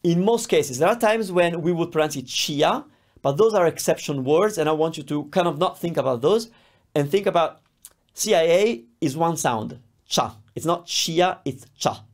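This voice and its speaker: A man with an Italian accent, a native speaker, teaching a beginner language lesson. His voice sits a little high and stays animated. He repeats each word slowly and carefully. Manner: lively, sounds words out slowly and repeats them. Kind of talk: scripted lesson to camera.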